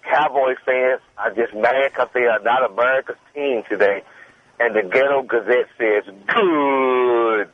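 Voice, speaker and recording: A man's voice: mid-range voice, normal speed, a little hiss or hum. Teasing man calling in on a phone line. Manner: boastful, teasing. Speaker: caller. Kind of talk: call-in to sports radio.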